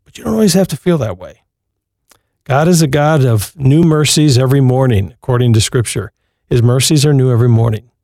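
A man's voice: medium pitch, a little fast, warm tone, dry recording, clean studio sound. Earnest male radio call-in host. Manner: earnest, encouraging, repeats and restarts phrases. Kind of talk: live Christian radio call-in advice.

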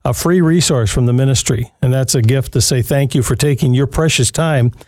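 Male call-in show host, earnest and advising, warm tone, dry close mic. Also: mid-range voice, brisk, dry recording. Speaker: radio talk show host. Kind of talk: radio call-in show hosting.

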